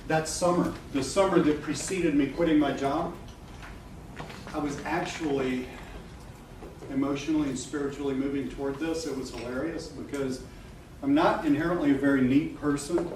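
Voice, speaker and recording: A middle-aged man giving a live seminar talk to an audience. He is animated and blunt, laughs often and swears casually. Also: a little high, moderate pace. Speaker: marketing coach presenting a seminar. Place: event room with a live audience. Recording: echoey room from a distance, noisy.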